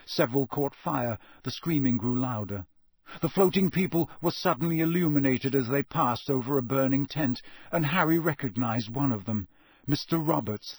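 A man narrating an audiobook in a steady, expressive storytelling voice. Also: mid-range voice, slightly rough, dry recording, clean studio sound. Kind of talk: scripted narration.

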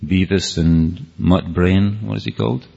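A man's voice: sits low, steady tone, measured pace, creaky, mellow. A man with a Scottish accent giving an earnest, rambling talk to an audience, often restarting his sentences. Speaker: speaker. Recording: dull, lo-fi hall recording.

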